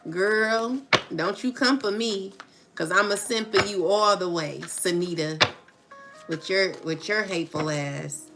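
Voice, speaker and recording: This woman speaks at a measured pace in a medium-pitched voice, doing a relaxed tarot reading where she laughs and taunts her viewers, with music running beneath her.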